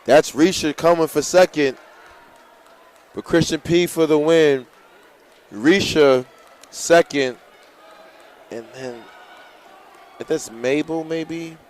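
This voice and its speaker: Excitable man calling a track race. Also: fairly high pitch, takes it slowly, long pauses, some chatter behind. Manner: excitable, hypes runners and gives coaching tips. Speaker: race announcer. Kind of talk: live track meet commentary.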